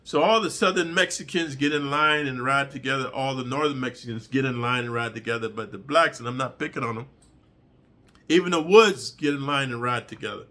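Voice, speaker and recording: A middle-aged man telling prison stories in an animated, profane street-storytelling monologue. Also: medium pitch, brisk.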